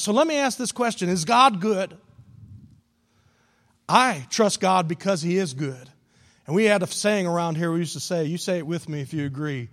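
A pastor with a high voice preaches a sermon in a reverberant church sanctuary. He delivers it emphatically, repeating key phrases.

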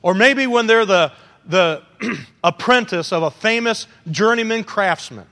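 A man preaching a sermon, animated and joking with the congregation, acting out quotes. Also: sits high, measured pace. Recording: long hall reverb.

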